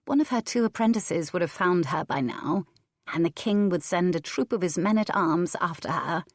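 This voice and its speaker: In a clean studio recording with no room sound, a woman reads a scripted historical romance audiobook. Her narration is even and measured, and her voice sits on the low side.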